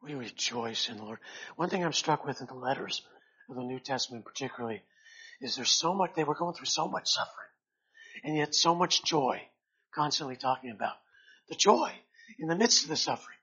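A man preaching a sermon in a slow, earnest way, rising loud and then dropping to a hush. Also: mid-range voice, husky, highs cut off.

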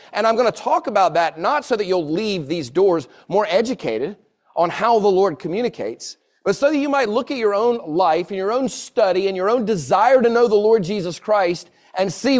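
A man in his forties preaches with a notably high-pitched voice. He is earnest and circles back on his phrases to drive each point home. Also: lively intonation, moderate pace. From Southern United States. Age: 40s. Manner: earnest, repeats phrases for emphasis. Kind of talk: sermon.

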